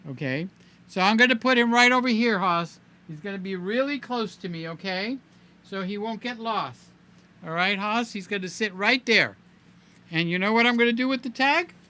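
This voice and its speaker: A man's voice: high voice, normal speed, bright, forceful tone. A man hosting a casual livestream, playful and chatty, greeting viewers by name. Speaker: livestream host.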